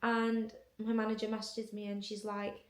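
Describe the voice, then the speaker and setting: A woman's voice: mid-range voice, completely flat delivery, moderate pace. A young woman telling a casual story to camera in a chatty way, full of fillers. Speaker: content creator. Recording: echoey room.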